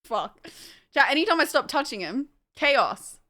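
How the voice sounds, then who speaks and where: A woman's voice: high voice, big pitch swings, measured pace, pushed and bright. A young woman casually chatting on a livestream at home, distracted by her dogs, swearing and laughing.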